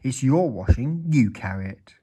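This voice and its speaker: A man's voice: medium pitch, lively intonation, normal speed, warm tone, slightly rough. A man voicing a mean, miserly grown man who snaps curtly and then wails and begs in panic. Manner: wailing, pleading.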